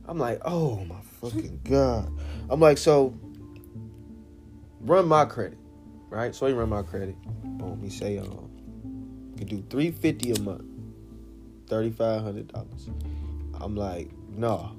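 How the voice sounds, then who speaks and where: A man's voice: on the low side, animated, a little slow, pauses often, darkish tone, soft background music. A man telling a story in a casual way, swearing a lot, using slang and often checking in with the listener.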